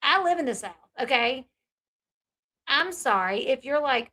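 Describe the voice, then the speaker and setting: High-voiced woman giving blunt commentary. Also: lively intonation, measured pace, pauses often, bright, forceful tone. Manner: blunt, sarcastic, chatty. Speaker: commentary channel host. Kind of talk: reaction commentary on played clips.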